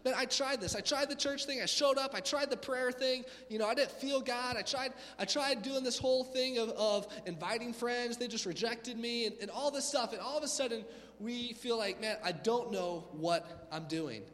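A man preaching an energetic, conversational youth sermon in a church hall, acting out little voices. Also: extremely high pitch, normal speed. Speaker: youth pastor. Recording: long hall reverb.

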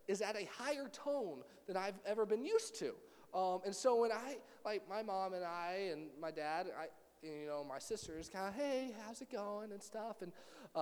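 Animated high-voiced young male youth pastor. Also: big-room sound. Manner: animated storytelling, acting out family voices. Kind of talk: youth group sermon.

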